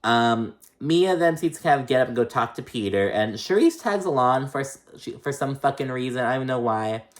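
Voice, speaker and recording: A man rattles through a reality TV recap in a loose, offhand way. He talks at a middling pitch, and his speech is full of "like," "um" and casual profanity. He sometimes bends his voice to act out what the cast members said. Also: animated, normal speed. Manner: loose, profane, chatty with many "like"s and "um"s; acts out quoted lines in shifting voices.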